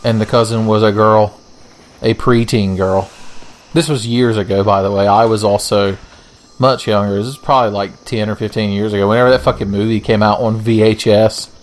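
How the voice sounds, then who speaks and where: A man's voice: on the low side, steady tone, normal speed. A young man giving casual, profane, joking let's-play commentary as he plays a game. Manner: profane, joking, rambling asides. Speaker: gaming channel host.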